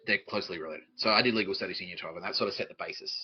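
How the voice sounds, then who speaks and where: A man's voice: low-pitched, very fast, breathy edge, dull audio, faint music behind. An Australian man hosting a podcast, answering listener questions in a rambling, profane way and laughing often at himself. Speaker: podcast host.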